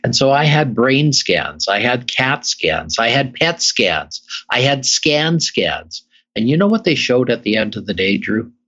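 A man's voice: medium pitch, big pitch swings, measured pace, fairly bright tone. A middle-aged man, a guest on an interview show, telling his story emphatically and repeating phrases for effect. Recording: dull lo-fi recording.

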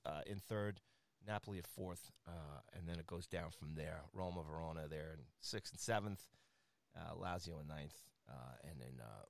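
An energetic man rattles through soccer scores in a casual talk show segment, full of fillers and playful jabs at his co-host. His voice sounds smooth and resonant, recorded close and dry with no room around it. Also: low voice, dry recording.

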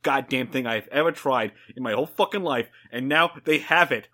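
A man putting on a brash, foul-mouthed Boston barfly with a thick Boston accent, telling a tall tale loudly and with swagger. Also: mid-range voice, normal speed, natural voice. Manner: loud, swaggering, profane storytelling.

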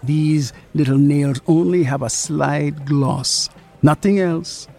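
A narrator reading a literary story in a slow, rhythmic, lingering way. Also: medium pitch, gravelly, warm tone, faint music behind.

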